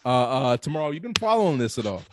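A man's voice: medium pitch, big pitch swings, quick pace, slight background noise. A man chatting casually as a podcast co-host, rambling and swearing, with lots of filler words. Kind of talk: casual chat.

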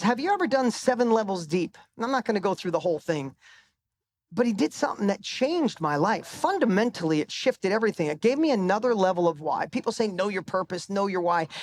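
This motivational speaker, a middle-aged man with a high-pitched voice, is live on stage at a microphone telling a personal story. He swears emphatically, and his voice goes up for the punchlines.

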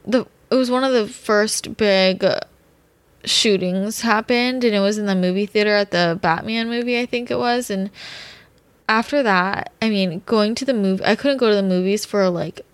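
A woman's voice: medium pitch, moderate pace, smooth, dry recording. A young adult woman hosting a podcast, speaking in an earnest, rambling personal monologue, swearing freely and getting worked up. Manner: gets worked up. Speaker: podcast host.

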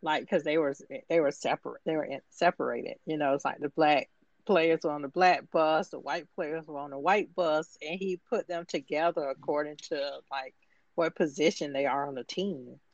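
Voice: medium pitch, moderate pace, no room sound. A speaker in casual conversation, animatedly retelling movie scenes and laughing often. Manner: animated storyteller, acts out quotes, laughs often. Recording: dull lo-fi recording.

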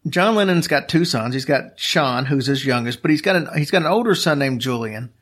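A man at an ordinary, middle pitch tells a long story in an easygoing way. He rambles a little, backs up and restarts his sentences, and leans on fillers as he goes. It comes across as relaxed podcast talk. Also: a little fast. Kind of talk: casual storytelling.

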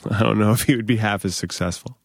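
A man's voice: on the low side, fast, gravelly, no room sound. A man hosting a podcast in casual chat, joking and wry with his guest. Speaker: podcast host.

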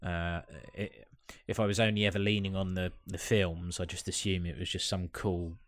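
A man co-hosting a casual chat, speaking hesitantly with halting repeats. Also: sits low, level tone. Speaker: podcast co-host.

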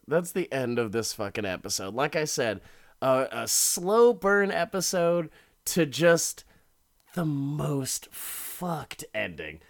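A host reviewing a show episode in a casual monologue, swearing a lot, sounding exasperated and laughing, with many halting restarts. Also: mid-range voice.

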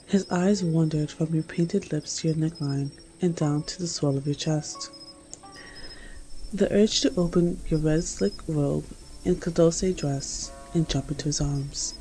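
A woman reading a second-person romance story aloud in an intimate, hushed narration. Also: sits low, measured pace, faint music behind, rough recording. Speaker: reader.

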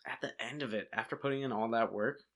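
A man's voice: medium pitch, quick pace, fairly bright tone. A man speaking as a podcast guest in casual chat, laid-back and full of slang.

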